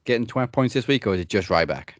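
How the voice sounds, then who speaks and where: A man's voice: on the low side, animated, fast talker, dry recording. A man co-hosting a wrestling podcast in casual, joking chat, running a points tally. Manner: wry, joking, runs the points segment. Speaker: podcast co-host.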